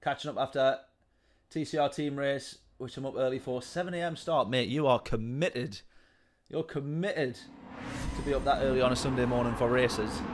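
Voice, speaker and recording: A man commentating live on a sim-racing stream, chatting with viewers in his chat and getting excitable in the race. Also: medium pitch, normal speed, a little hiss or hum. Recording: game music behind voice. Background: game music and car engine sounds.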